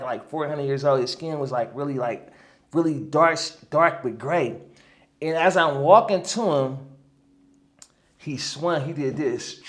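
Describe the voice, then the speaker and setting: A man telling a story as a guest in a casual interview, animated, often checking in with "right?" and "you know what I'm saying?". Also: fairly high pitch. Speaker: guest healer.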